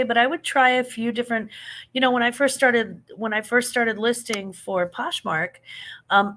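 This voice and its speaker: A woman's voice: medium pitch, fairly bright tone. A middle-aged woman hosting a casual live chat, answering viewers with laughs and affection while yawning and sleepy. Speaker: livestream host answering chat.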